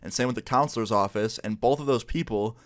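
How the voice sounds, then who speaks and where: A man's voice: mid-range voice, fast. A young man casually telling a story in a laid-back, slangy way, full of "like" and "you know.". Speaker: vlogger.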